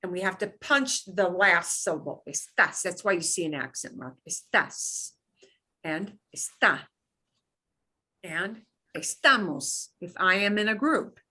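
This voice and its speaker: A woman's voice: fairly low pitch, animated, unhurried, sharp tone. A woman teaching a beginners' Spanish class, explaining patiently with examples and repetition. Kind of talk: classroom lesson.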